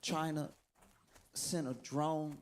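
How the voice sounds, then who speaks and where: A man's voice: a little high, little pitch movement, takes it slowly. Rambling, laughing stand-up man over heavy noise. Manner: laughing storyteller, rambling asides. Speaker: stand-up comedian. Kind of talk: stand-up routine. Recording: loud background noise.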